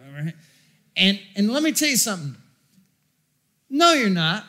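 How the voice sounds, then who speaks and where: A man preaching a sermon as pastor, emphatic and repetitive, breaking into shouts. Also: high-pitched, big pitch swings, moderate pace.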